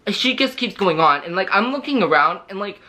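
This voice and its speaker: A young man telling storytime anecdotes in a vlog, chatty and animated, packed with filler words. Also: high-pitched, fairly quick. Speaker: vlogger.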